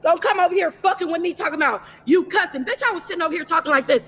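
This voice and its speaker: A woman on a phone livestream from inside a fast-food restaurant, cursing and confronting someone in an angry rant. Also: high voice, a little hiss or hum. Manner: profane, confrontational, repetitive shouting. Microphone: phone held for a livestream.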